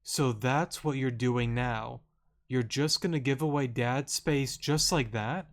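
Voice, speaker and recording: A man reading the lines of an angry, resentful teenage daughter from a video game in a slow, plain voice. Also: medium pitch. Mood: bitter.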